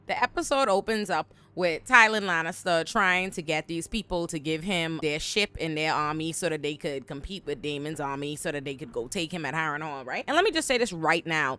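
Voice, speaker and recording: A woman in her thirties giving an animated, profane, exasperated recap of a TV episode. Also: lowish voice, normal speed, faint music behind. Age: 30s. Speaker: TV recap host. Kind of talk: casual episode breakdown.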